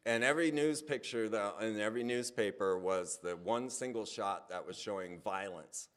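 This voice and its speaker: A man speaking in a casual, animated monologue, his voice climbing higher and louder when he gets worked up. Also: normal speed. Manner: animated storytelling, voice rising when excited. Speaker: speaker on a hypnosis channel.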